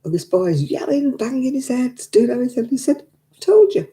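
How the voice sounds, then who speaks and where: A woman's voice: a little high, animated, brisk, warm tone. Chatty older woman. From England. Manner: chatty, acts out quoted dialogue. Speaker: craft night participant. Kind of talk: casual storytelling chat.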